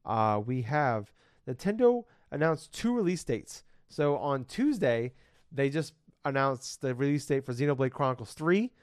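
A man's voice: medium pitch, very animated, unhurried, no echo, studio quality. Profane rambling male podcast host. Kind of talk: casual podcast chat.

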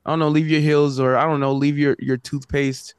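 Casting: man, relaxed podcast co-host, slightly high voice, dry close sound. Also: clear, resonant tone, no room sound. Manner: relaxed, halting with restarts, laughing asides. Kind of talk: casual chat.

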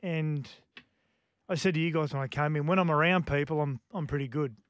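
A man, a radio guest, talking in a halting, reflective way with many restarts. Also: a little high, no room sound. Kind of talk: casual radio chat.

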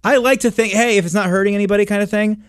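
A man co-hosts a loose podcast chat, joking and telling stories with energy. His voice sits a little high and sounds close and dry. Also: rapid-fire, clean tone, dry recording. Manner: animated storyteller, jokey. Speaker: co-host.

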